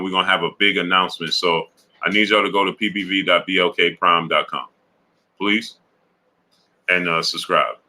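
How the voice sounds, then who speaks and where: A man hosting a boxing livestream in loose, casual chat, with a very bright, forceful voice that sits fairly low. He keeps greeting viewers by name and circling back to the same pitch. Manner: hypes and shouts out chat names; repeats a call to subscribe.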